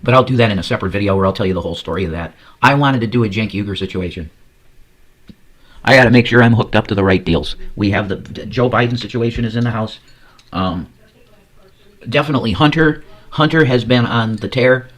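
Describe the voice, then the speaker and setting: A man's voice: fairly low pitch, fairly quick, fairly bright tone. A man giving casual, profane commentary on news clips, ranting and rambling. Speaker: commentary streamer.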